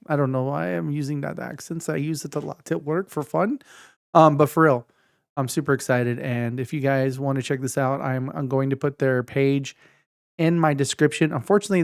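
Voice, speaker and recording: Enthusiastic rambling man with a smooth voice. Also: mid-range voice, no room sound, clean studio sound. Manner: enthusiastic, rambling with many restarts. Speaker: gaming video host. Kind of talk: casual game preview talk.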